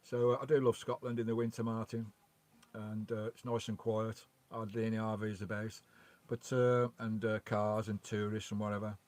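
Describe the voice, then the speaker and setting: A man's voice: fairly low pitch, little pitch movement, normal speed, a little mellow. A man hosting a casual live stream outdoors by a loch, chatting away and greeting viewers as he reads their messages, on a remote mic. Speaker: vanlife livestream host. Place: outdoors by a loch beside his van. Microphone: remote microphone.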